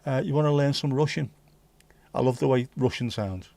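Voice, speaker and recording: A man's voice: medium pitch, moderate pace, vocal fry, warm tone, no room sound. A man hosting a casual livestream, reading out viewer comments with jokey banter and slipping into bits of Dutch and Spanish. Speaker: livestream host.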